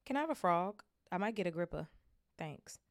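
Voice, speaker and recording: A woman's voice: on the low side, expressive, normal speed, dry recording, clean studio sound. A woman voicing a chatty boy wizard.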